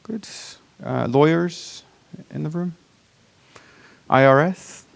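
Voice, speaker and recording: A man from Virginia with an accent that mixes American and British, giving a casual, self-deprecating startup pitch to a conference audience with many fillers and restarts. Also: slow, creaky. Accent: mixed American and British. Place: conference room before a live audience.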